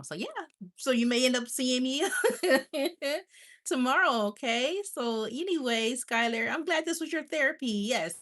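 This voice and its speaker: A woman's voice: medium pitch, fairly bright tone. Chatty woman hosting a livestream. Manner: chatty and affectionate, laughs often. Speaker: livestream host. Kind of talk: casual livestream chat.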